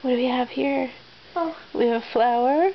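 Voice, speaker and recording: A woman's voice: high-pitched, fairly even intonation, moderate pace, dull audio, slight background noise. A mother reading a picture book to her toddler in a sing-song, coaxing baby-talk voice.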